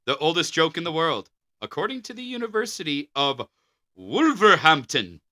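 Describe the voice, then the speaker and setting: A man's voice: on the high side, very animated, moderate pace, sharp tone. A man co-hosting a podcast, reading notes aloud with a dry, amused delivery. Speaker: podcast co-host.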